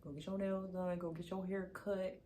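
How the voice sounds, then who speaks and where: A woman's voice: fairly low pitch, flat delivery, moderate pace, dark tone, slight background noise. A woman giving a casual tarot card reading, chatty and playful, teasing her viewers and then insisting she is serious. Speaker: tarot reader.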